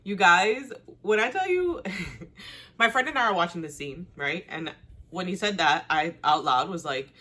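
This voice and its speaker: A woman hosting a casual TV recap, chatty and animated, blunt and slangy, laughing often. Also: measured pace. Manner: chatty and animated, with big pitch swings and frequent laughs. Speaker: host.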